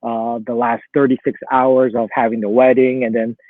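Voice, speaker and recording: A man's voice: mid-range voice, normal speed, no room sound. Man from Philly on a tinny call line. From Philadelphia. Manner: relaxed, chatty, laughs often. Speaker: guest. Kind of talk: casual chat. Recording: tinny phone-like line, dry.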